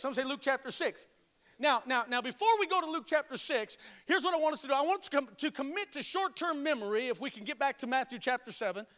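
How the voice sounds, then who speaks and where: A pastor preaching a sermon, calling on the congregation to repeat after him and slowing to stress each word of scripture. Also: male voice, very high-pitched, a bit bright. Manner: emphatic call-and-response preaching.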